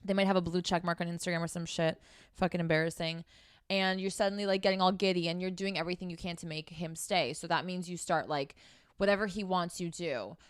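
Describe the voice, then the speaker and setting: A woman's voice: fairly low pitch, fairly even intonation, fast, clean tone, no echo, clean studio sound. A woman giving dating advice in a blunt, scolding, casual monologue full of swearing. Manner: casual, conversational. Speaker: dating coach.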